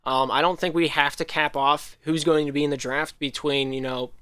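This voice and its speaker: Bright, crisp-voiced man rambling casually. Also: on the high side, fairly even intonation, normal speed, no room sound, clean studio sound. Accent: slight Southern American drift. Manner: rambling, frequent ums and restarts. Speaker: league host. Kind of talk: casual livestream talk.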